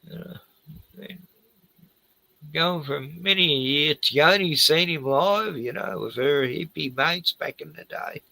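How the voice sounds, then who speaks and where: A man's voice: a little high, slow pace, creaky, sharp tone, dry recording, rough recording. A middle-aged man chatting casually on a late-night stream, tired and rambling, trailing off often and swearing a lot.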